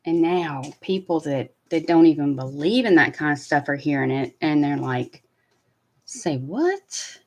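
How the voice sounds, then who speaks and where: Low-voiced chatty woman. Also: moderate pace, few pauses. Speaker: commentary host. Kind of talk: casual commentary chat.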